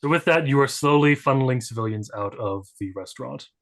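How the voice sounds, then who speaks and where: A man's voice: medium pitch, animated, fairly quick. A man narrating as game master of a tabletop role-playing game, laid-back and joking, with fillers.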